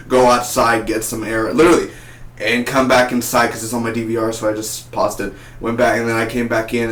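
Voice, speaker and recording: Excitable man reviewing TV in an echoey room. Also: mid-range voice. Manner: excitable and rambling, repeats and restarts words. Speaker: TV episode reviewer. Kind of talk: casual spoken review.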